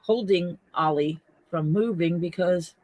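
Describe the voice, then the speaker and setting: An older woman in a casual chat, telling lively stories. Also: on the low side, measured pace, no room sound. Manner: lively, chatty storyteller.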